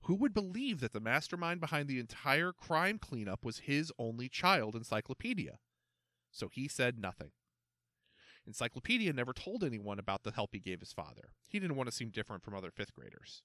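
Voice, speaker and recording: A man reading a children's mystery story aloud in an expressive, animated way. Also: mid-range voice, a little fast, no room sound. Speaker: narrator.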